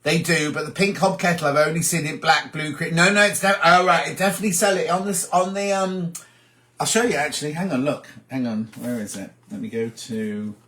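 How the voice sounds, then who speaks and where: A man's voice: a little high, fairly quick, pushed and bright. A man from England hosting a casual live chat, reading viewer comments aloud and answering them.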